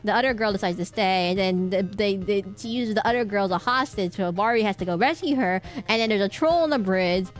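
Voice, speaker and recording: A woman streamer chatting casually while playing a game, rambling through an animated retelling with frequent restarts and self-corrections. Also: medium pitch, brisk, hardly any pauses, soft background music.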